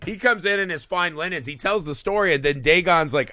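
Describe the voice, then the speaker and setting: A man co-hosting a movie podcast, retelling scenes in a profane, animated way with quick mock voices. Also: on the high side, no echo. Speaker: podcast co-host. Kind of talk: casual movie-review chat.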